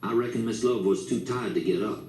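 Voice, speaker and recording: A man's voice: on the low side, fairly quick, darkish tone. A man reading an audiobook, telling the story plainly. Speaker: audiobook narrator. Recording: echoey room, distant mic, faint hiss.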